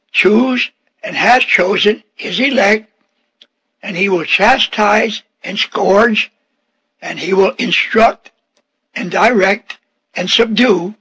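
A man with a high, bright voice preaches a radio sermon from a radio room. His tone is husky, and he stretches his phrases slowly and with emphasis. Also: rough recording. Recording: radio broadcast studio.

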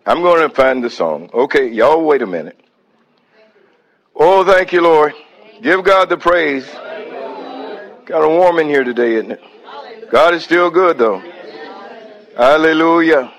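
A man's voice: a little high, a little slow, pauses often, rough recording. A man preaching a sermon, breaking off into praise and hallelujahs between points.

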